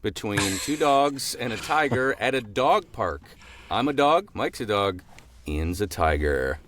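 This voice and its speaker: A man co-hosts a chatty voice acting podcast, playful and chipper. He speaks unhurriedly, with a lively, wandering pitch. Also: a little slow, slight background noise. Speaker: podcast co-host. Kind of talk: casual podcast chat.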